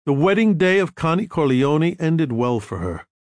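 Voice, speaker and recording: A man narrating a novel in an expressive storytelling manner. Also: fairly high pitch, moderate pace, dry recording, clean studio sound. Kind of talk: audiobook narration.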